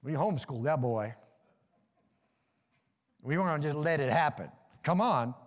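A man's voice: on the high side, animated, normal speed, long reverb tail. A middle-aged man preaching a sermon in a folksy, joking way, calling for amens. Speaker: pastor.

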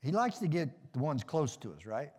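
A man's voice: fairly high pitch, big pitch swings, a little fast, dark tone, breathy edge, in a large hall. A middle-aged man preaching a sermon in a folksy, joking way, calling for amens. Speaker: pastor.

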